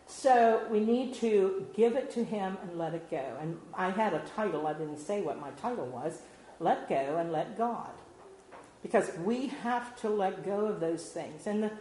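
A woman's voice: medium pitch, dark tone. A woman delivers an informal devotional sermon, talking in a conversational and earnest way with many fillers. Her voice carries the echo of a roomy hall. Faint noise sits underneath. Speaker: lay speaker giving a devotional.

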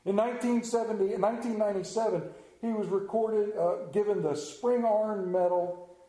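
High-voiced man preaching in an echoey room. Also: normal speed. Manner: lively, acts out quoted voices. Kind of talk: sermon storytelling.

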